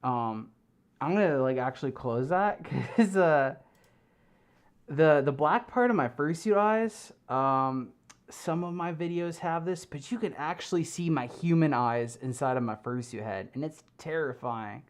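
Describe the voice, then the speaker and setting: A live streamer in a fursuit chats from a home streaming room, reading out comments from the chat. The mid-range voice moves a little slowly, rambling and giggly and packed with fillers.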